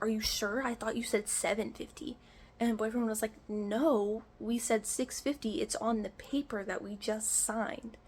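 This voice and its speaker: A woman's voice: medium pitch, a little mellow. A young woman vlogger tells a long storytime to her viewers. She rants with real exasperation and acts out each side of the phone calls she recounts. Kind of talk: storytime vlog.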